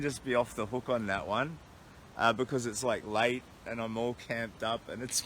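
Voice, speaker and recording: A middle-aged Australian man on a long walk speaks at normal speed in a medium-pitched, pushed, bright voice. Camped outdoors at night in a storm, he talks casually and earnestly, thinking aloud to his followers over a phone livestream.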